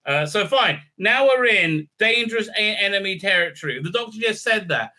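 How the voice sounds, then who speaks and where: A man's voice: high-pitched, expressive, normal speed, few pauses, bright, forceful tone. A man ranting through a recap review, sarcastic and profane, full of stammering fillers. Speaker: show reviewer.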